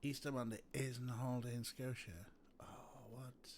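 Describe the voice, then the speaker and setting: A man's voice: mid-range voice, little pitch movement, moderate pace, a little mellow, a little hiss or hum. A man giving rambling, joking commentary while streaming a game. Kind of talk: casual gameplay commentary.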